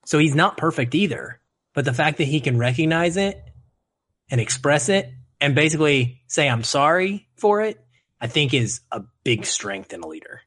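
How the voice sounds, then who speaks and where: A man's voice: on the high side, very animated, moderate pace, a bit bright, breathy edge. A man who is a father, talking casually and animatedly about a film, rambling and correcting himself mid-sentence. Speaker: podcast co-host.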